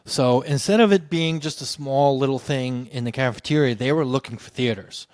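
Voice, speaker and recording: A man casually telling a personal story, full of restarts and "you know" fillers, and acting out other people's lines with sudden jumps in pitch. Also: normal speed. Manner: animated, acts out quoted voices with big pitch jumps.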